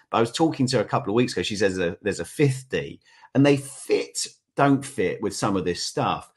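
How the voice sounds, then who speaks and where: A man with a low, slightly husky voice, speaking as a podcast guest. His pitch rises and falls widely as he tells stories, often breaking into laughter. The tone stays loose and conversational. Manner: animated storyteller, laughs often. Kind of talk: conversational interview.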